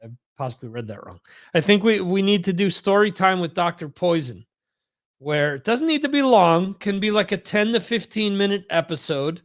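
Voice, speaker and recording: At a moderate pace, a man with a high, expressive voice hosts a live-stream podcast. He chats casually and rambles, repeating words while reading viewer comments out loud.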